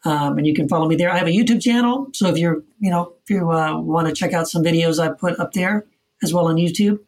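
A man's voice: a little high, fast talker. A man being interviewed as an author guest, explaining his ideas earnestly in casual conversation, repeating words for emphasis. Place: Texas.

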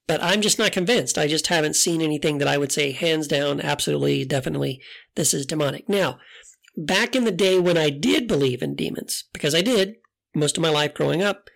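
A man's voice: on the high side, gravelly, a bit bright. A middle-aged man hosting a podcast, talking in a casual reflective monologue, hesitant with many restarts, telling stories candidly. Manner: candid storyteller. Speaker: podcast host.

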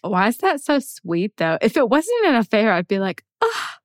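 A woman co-host drops wry jokes and casual swears into a loose podcast chat. Her voice sits at an everyday middle pitch. The recording is dry and close to the mic. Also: very animated, moderate pace, no echo.

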